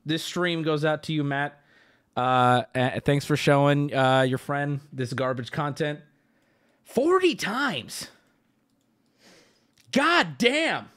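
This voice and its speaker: A man streaming live, talking casually to his chat and swinging between loud outbursts and low mutters. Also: flat delivery, a little slow, smooth. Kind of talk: casual livestream talk.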